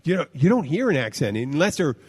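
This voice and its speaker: A man hosting a casual podcast, talking in a rambling, halting way with many fillers and restarts, and swearing freely. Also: fairly high pitch, sing-song, darkish tone, husky. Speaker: podcast host, bartender.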